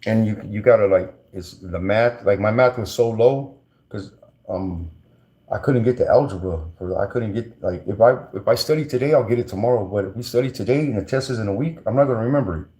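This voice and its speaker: A man's voice: on the low side, brisk, mellow. Slangy, rambling man. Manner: slangy, rambling, many restarts and fillers. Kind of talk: casual storytelling.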